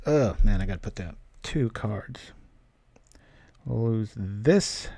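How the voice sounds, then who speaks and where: Low-ish guy chatting through his card game on stream, playful, thinking out loud, dry close sound. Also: animated, takes it slowly, vocal fry, no room sound. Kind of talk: casual live commentary while playing a card game.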